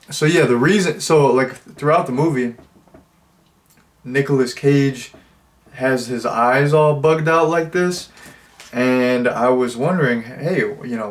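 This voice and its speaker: A man talks through a movie review in a loose, offhand way, with plenty of ums and restarts. He keeps poking fun at himself as he goes. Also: medium pitch. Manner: self-mocking, lots of fillers and restarts. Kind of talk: casual rambling review.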